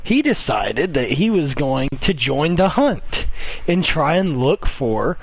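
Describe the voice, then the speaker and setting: A young streamer reacts to old clips while chatting casually with a friend, telling stories full of swearing and giggles. His slightly high, breathy voice has big pitch swings and a slow pace, with no room sound, on dull lo-fi audio with faint hiss.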